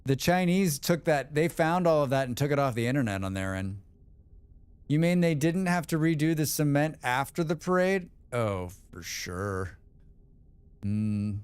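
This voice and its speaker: A man's voice: on the high side, lively intonation, unhurried, darkish tone, smooth, no echo. A man streaming a game, chatting casually and answering chat with rambling, opinionated remarks. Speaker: livestream gamer. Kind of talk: casual livestream chat reading chat.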